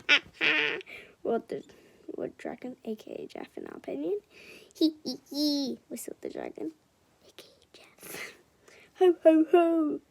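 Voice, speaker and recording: A woman reads a children's picture book aloud, often sinking into a whisper and stopping for chatty asides. Her voice is high with a gravelly edge. She takes it slowly, with a lively, swooping melody. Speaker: storyteller.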